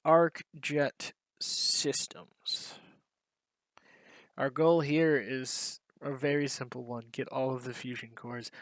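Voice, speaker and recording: A man's voice: mid-range voice, steady tone, moderate pace, few pauses, dry recording. A man giving casual, jokey commentary while playing a video game, chatting about loot and mocking the characters. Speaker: gameplay commentator.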